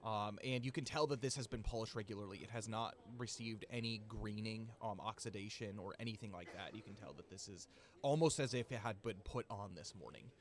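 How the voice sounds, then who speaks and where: A man running a tabletop game as game master, describing scenes in loose, filler-heavy narration and dropping into quick voices for the characters. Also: fairly low pitch.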